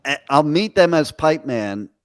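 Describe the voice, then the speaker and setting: A man's voice: on the high side, expressive, measured pace, smooth, dry recording. A middle-aged man, a radio host, telling brash stories and swearing freely in a casual interview.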